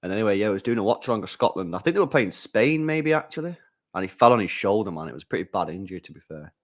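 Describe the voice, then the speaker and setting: Racing along in a lowish voice, this man hosts a live football watch-along, reading out chat, chatting in slang, and erupting with excitement whenever the play gets heated.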